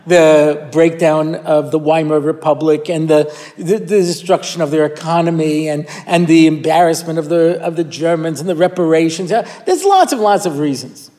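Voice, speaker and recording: A man's voice: fairly high pitch, moderate pace, a little mellow. A man giving a Torah class who tells stories and acts out quoted voices, often restarting his phrases, recorded in a hall with a live audience. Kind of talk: Torah lecture with storytelling. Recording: long hall reverb.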